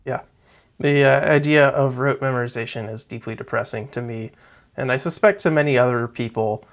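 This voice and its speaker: Male co-host, middle pitch, measured reflective delivery in casual chat. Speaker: podcast co-host. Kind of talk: casual book discussion.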